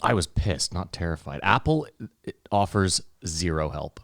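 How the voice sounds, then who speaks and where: A man's voice: low voice, animated, normal speed, gravelly, fairly bright tone, dry recording, clean studio sound. A man co-hosting a podcast, chatting casually with friends, swearing and laughing as he talks. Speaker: podcast co-host. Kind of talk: casual chat.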